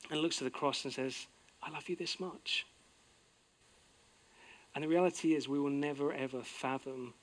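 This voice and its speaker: A middle-aged man preaching a sermon, earnest, swinging from emphatic outbursts to soft, low-voiced reflection. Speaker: pastor.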